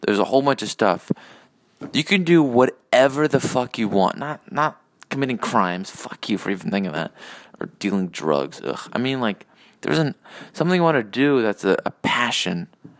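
Young guy, low voice, solo rant, cursing and restarting constantly. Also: animated. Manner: swears a lot, halting with many restarts. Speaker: solo podcast host. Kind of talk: rambling personal rant.

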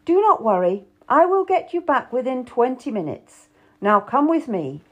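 A woman's voice: high-pitched, very animated, normal speed, muffled recording, voice pushed up. A woman voicing an arrogant, charming young male nobleman who coaxes and gives orders. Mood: coaxing. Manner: coaxing, commanding.

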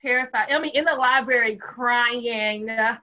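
A woman's voice: a little high, moderate pace. A woman in casual podcast chat with friends, reacting expressively and laughing along. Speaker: podcast co-host. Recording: dull lo-fi sound.

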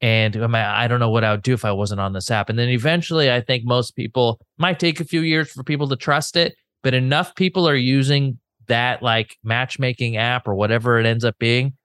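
A man's voice: medium pitch, brisk, few pauses, fairly bright tone, clear, resonant tone, dry recording, clean studio sound. A man co-hosting a podcast in casual chat, rambling and thinking aloud with many fillers. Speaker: podcast co-host.

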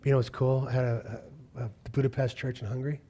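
A middle-aged pastor preaches fast in a medium-pitched voice. His sermon leans on animated storytelling, with him acting out the voices of the characters.

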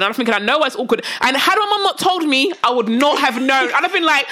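A woman's voice: sits high, quick pace, hardly any pauses, slight background noise. A woman telling a long story in casual chat, acting out the quoted lines in different voices. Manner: animated, acts out quoted dialogue with voice changes.

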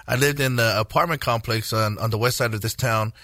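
A man in his forties, a guest minister, telling his testimony in a radio interview, earnest and halting, with many fillers and restarts. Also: mid-range voice, steady tone, fairly bright tone, dry recording, studio quality. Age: 40s.

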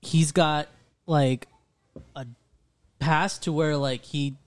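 A man's voice: fairly high pitch, fairly even intonation, slow. Thoughtful man in casual chat. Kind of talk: casual movie review chat.

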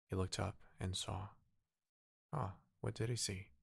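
A man reading a bedtime story aloud in a gentle, unhurried way. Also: deep voice, steady tone, vocal fry, slightly rough, no echo, studio quality.

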